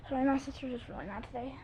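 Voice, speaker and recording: A high, bright woman's voice with a forceful tone and slight background noise belongs to a young girl hosting a kids' video. She chats and giggles while showing off silly jump tricks, saying "like" constantly and singing goofy little bits. It's a dull, lo-fi home recording.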